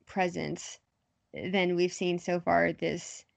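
A woman's voice: fairly low pitch, level tone, takes it slowly, gravelly. A young woman talking politics casually in a hesitant, wry way, with many fillers.

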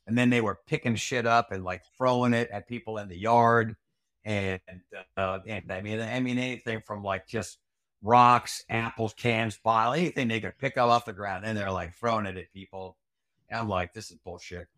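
A man's voice: on the low side, steady tone, normal speed, a bit bright, no room sound, studio quality. Rambling retired army ranger man. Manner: rambling, frequent fillers and restarts, salty language. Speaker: retired Army Ranger staff sergeant, interview guest. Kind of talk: casual storytelling interview.

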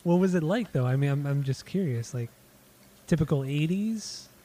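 A man's voice: a little high, lively intonation, normal speed, mellow. A man hosting a podcast in casual chat, laid-back with stammering restarts. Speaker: podcast host.

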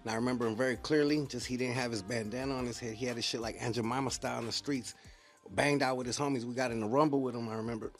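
A quick-talking host, full of street slang and lively storytelling. His speech runs fast, and faint music sits under the voice. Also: medium pitch. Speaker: podcast host. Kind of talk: casual interview chat.

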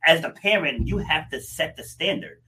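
A middle-aged man coaching clients, speaking in a bright, ringing voice. He talks casually, tells family stories, and often laughs as he speaks. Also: on the high side, animated, normal speed. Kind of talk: casual conversation.

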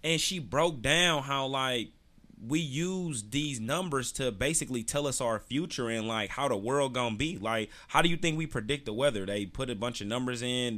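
A man's voice: mid-range voice, lively intonation, moderate pace, pushed and bright. A man hosting his own podcast, ranting casually in a loose, profane, slang-heavy storytelling style. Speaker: podcast host. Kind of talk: casual solo podcast rant.

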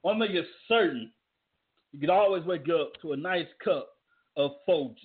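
A man's voice: a little high, expressive, normal speed. A man hosting a casual wrestling talk, emphatic and loose, with repeated rhetorical questions. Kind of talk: casual commentary with ad reads. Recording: tinny phone-like audio.

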